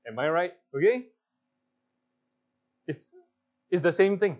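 A man's voice: high voice, big pitch swings, very slow, muffled recording. A man with a Singaporean English accent leading a Bible class, playfully coaxing answers from the group and laughing often. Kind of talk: interactive Bible teaching.

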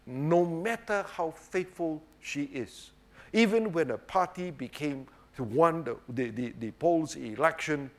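A man's voice: fairly high pitch, animated, slow. A man preaching a sermon, emphatic and rhetorical, often checking with his listeners. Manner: emphatic, rhetorical, keeps asking "right?" and saying "obviously".

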